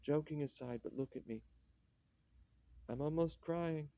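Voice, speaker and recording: Man reading as a sardonic old count, mocking and bitter, a bit high-pitched, mellow tone, dull dry sound. The teasing never lets up. A stage-play nobleman gone sour. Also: a little slow, gravelly, no echo. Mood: wistful.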